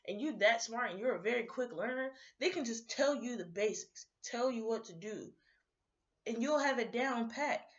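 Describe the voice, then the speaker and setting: A young adult woman vlogger in a rambling, animated casual rant, sounding sleepy. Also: on the high side, lo-fi sound.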